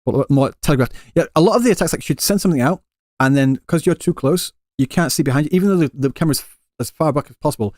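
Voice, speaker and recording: A man's voice: on the high side, fast talker, a little mellow, no echo, clean studio sound. A male streamer living in Japan answering live chat questions in a casual, rambling way with many restarts. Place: Japan, Kansai area.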